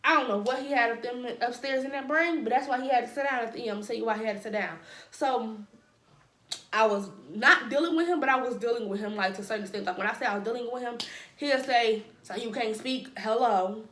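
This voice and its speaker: Speaking quickly with a sharp tone, a fairly high-voiced woman tells a personal tale for her casual storytime vlog. Her delivery includes dramatic asides and playful sound effects, and the roomy space gives it a noticeable echo.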